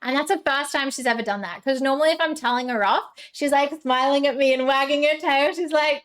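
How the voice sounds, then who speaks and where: A woman's voice: high-pitched, a little fast. A young woman, chatting casually with her live-stream chat, giggly and full of fillers.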